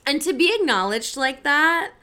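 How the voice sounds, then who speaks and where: A woman co-hosting a casual chat, reacting with quick exclamations. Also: high voice, animated, bright, forceful tone.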